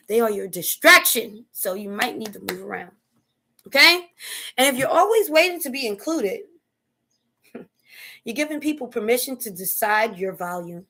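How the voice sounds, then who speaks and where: A host with a high, light, sharp-toned voice speaks directly to viewers in a casual motivational live stream, animated and at normal speed with frequent pauses. She's preachy and emphatic, her grammar loose and slangy, and she keeps asking "okay?"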